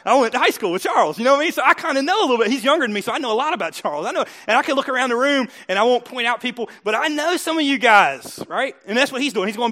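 A male pastor delivers a sermon in a high, bright voice. He keeps it conversational and teasing toward the congregation, with frequent chuckles. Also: lively intonation, racing, hardly any pauses.

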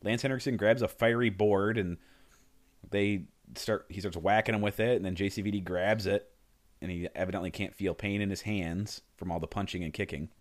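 A man's voice: lowish voice, fairly even intonation, a little fast. A man co-hosting a casual movie podcast, animatedly retelling scenes and acting out lines. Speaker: podcast co-host.

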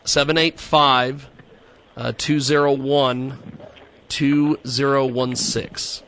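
A man's voice: medium pitch, flat delivery, slow, fairly bright tone, a little hiss or hum. A man hosting a comedy radio show, making a prank phone call in a playful, mock-innocent way.

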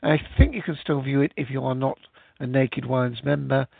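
A man's voice: medium pitch, fairly even intonation, normal speed, creaky, no room sound. A man hosting a casual live show, chatting in a rambling way with many fillers. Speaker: podcast host. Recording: tinny, phone-like, dry sound.

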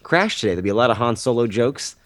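A man's voice: mid-range voice, animated, fast talker, no echo. A man co-hosting a movie podcast, rambling and joking with sarcastic asides. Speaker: podcast co-host. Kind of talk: casual movie podcast chat.

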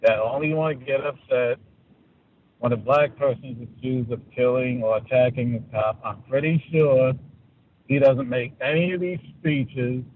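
A man calling in to a radio show, giving his opinions in a halting way and often repeating words. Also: medium pitch, steady tone, phone-quality sound. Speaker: caller. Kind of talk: call-in radio commentary.

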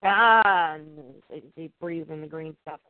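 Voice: mid-range voice, slow, dry recording. A comic book reviewer casually recapping an issue, rambling and reading the dialogue aloud plainly. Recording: tinny, dry phone-like sound.

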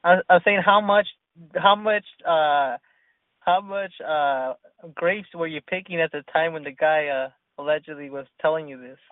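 A man's voice: on the high side, normal speed, no room sound, narrow, tinny audio. A man in casual chat, laid-back and hesitant as he asks questions.

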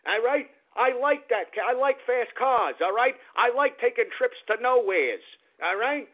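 A man's voice: very high-pitched, expressive, a little slow, heavily acted. A man putting on a mocking impression of a smug, boastful old male politician who gloats about taking people's money. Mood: gloating. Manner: gloating, sneering mock confession. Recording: tinny phone-like sound.

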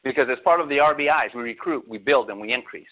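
A man's voice: mid-range voice, fast. A male pastor preaching a sermon, talking to his congregation with lots of rhetorical questions. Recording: phone-like narrow sound.

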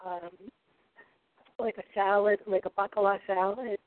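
A middle-aged woman telling kitchen stories in a lively, expressive way as a guest cook. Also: medium pitch, unhurried. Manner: lively, expressive, laughing storyteller. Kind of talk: animated storytelling chat. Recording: tinny phone-like line.

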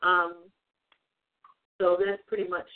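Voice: medium pitch, level tone, slow pace. An online religious speaker giving an informal livestream talk, rambling with many fillers and repeated phrases. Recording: tinny phone-like sound.

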